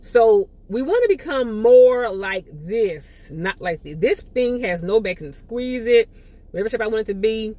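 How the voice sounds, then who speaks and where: A woman's voice: fairly high pitch, animated, unhurried, warm tone. A woman podcast host teaching a monologue in a casual, repetitive way, often acting out short quoted asides.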